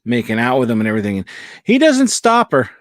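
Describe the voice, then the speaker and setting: A man's voice: medium pitch, huge pitch swings, fast talker, no echo, clean studio sound. A man hosting a casual chat about a film, recapping scenes in a rambling way full of fillers. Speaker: podcast host.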